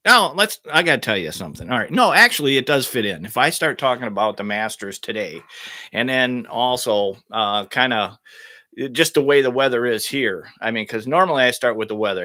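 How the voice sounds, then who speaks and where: A man's voice: mid-range voice, expressive, a little fast, sharp tone, no room sound. Rambling, offhand middle-aged man. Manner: rambling, offhand, self-deprecating. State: under the weather. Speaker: golf vlogger. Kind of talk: casual rambling monologue to camera.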